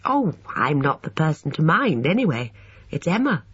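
A reader voicing a composed young woman who answers crisply and sharply, in a husky voice. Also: mid-range voice, sing-song, normal speed, fairly bright tone, dull audio, full character voice. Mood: dry.

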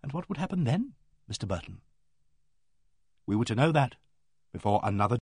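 A man narrating a novel in the first person with a measured, expressive reading. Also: medium pitch, husky, no echo, clean studio sound. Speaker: audiobook narrator.

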